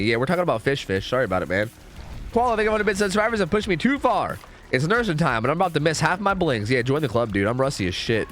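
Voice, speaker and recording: A man's voice: fairly high pitch, sing-song, fast talker, a bit bright, soft background music. A young American man chatting casually and profanely while streaming a game, reading chat aloud.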